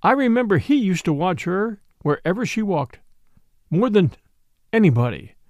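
A man reading the lines of a rough military captain, who speaks in a husky, curt way. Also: high-pitched, big pitch swings, moderate pace, a little mellow, no room sound. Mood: grieving.

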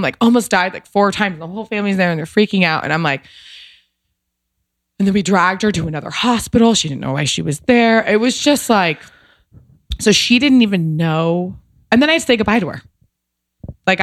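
A woman's voice: fairly low pitch, no room sound, clean studio sound. A woman guest telling a personal story in a casual, emotional way, rambling with lots of fillers and restarts.

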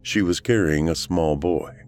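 A man reading a horror story aloud as the show's narrator, in a measured storytelling manner. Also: sits low, darkish tone, soft background music.

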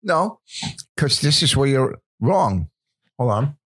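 A man's voice: medium pitch, sing-song, slow pace, a bit bright, slightly rough, no room sound, studio quality. A man in casual comedic banter, defending himself indignantly and laughing often.

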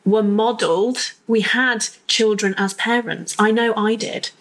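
A woman's voice: medium pitch, fairly even intonation, a little slow, a bit bright. A woman hosting a podcast interview, engaged and affirming, chiming in often. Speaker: podcast host.

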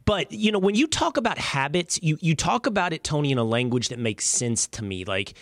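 A man hosting a podcast, speaking in a casual, halting way with many restarts. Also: fairly high pitch, animated, fairly bright tone, no room sound, studio quality. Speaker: podcast host. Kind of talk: casual interview chat.

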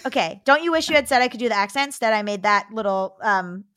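A woman's voice: mid-range voice, animated, fast, a bit bright, no room sound, studio quality. A woman co-hosting a podcast, reading listener letters aloud and riffing with a laugh between them.

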